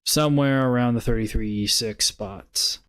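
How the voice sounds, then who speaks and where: A man's voice: mid-range voice, unhurried, a bit bright. A man hosting a casual trading live stream, laid-back and muttering, breaking into swearing laughter.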